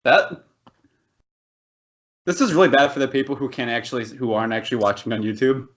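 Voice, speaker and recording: A man's voice: medium pitch, lively intonation, fairly quick, a bit bright. A man co-hosting a podcast, rambling and laughing through loose banter with plenty of swearing. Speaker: podcast co-host. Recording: dull lo-fi podcast audio.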